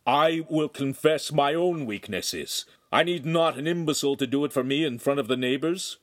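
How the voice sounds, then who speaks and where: In an audiobook, a man voices an older male priest who is calm and fatherly, soothing and preaching with a stern mood. His pitch sits on the high side, above his own natural voice yet close to everyday speech, at normal speed. The recording is dry and studio quality.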